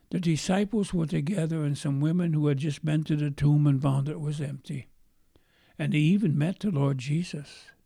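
A man preaching a storytelling sermon, acting out the voices in his story and sinking to hushed whispers at its saddest points. His voice is gravelly and mellow, and he takes his time with each phrase. The sound is dry and close. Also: on the high side, no room sound. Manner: dramatic, acts out quotes, drops to whispers.

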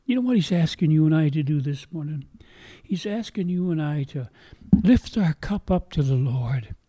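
Older preacher with a husky, dark voice. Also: male voice, a little high, animated, moderate pace, no echo. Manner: earnest, emotional preaching with dramatic retelling. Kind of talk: sermon.

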